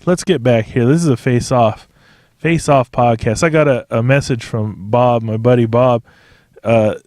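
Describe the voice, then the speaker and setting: A man's voice: medium pitch, darkish tone, no room sound. Solo male podcast host, digressive and profane, laughs a lot, mid voice, dry close sound. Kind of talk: rambling solo podcast monologue.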